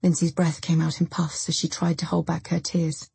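Breathy low-voiced woman narrating a thriller. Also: completely flat delivery, moderate pace, dark tone, no echo. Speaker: audiobook narrator. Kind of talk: scripted narration.

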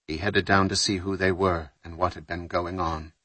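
Deep-voiced male narrator, slightly husky, measured and steady read for a thriller audiobook. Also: no echo. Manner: measured, steady reading with lightly voiced dialogue.

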